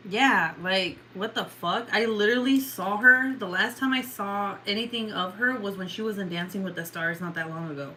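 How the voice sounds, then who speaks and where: A woman's voice: medium pitch, moderate pace, few pauses, sharp tone, a little hiss or hum, low-quality recording. Tired, chatty young woman vlogger. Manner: rambling, chatty, swears often, many fillers. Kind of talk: casual late-night craft livestream chat.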